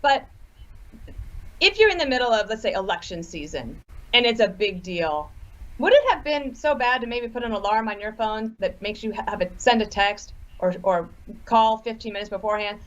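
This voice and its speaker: A woman guest on a radio interview who tells brisk, practical anecdotes. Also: mid-range voice, expressive, dull audio. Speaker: guest author.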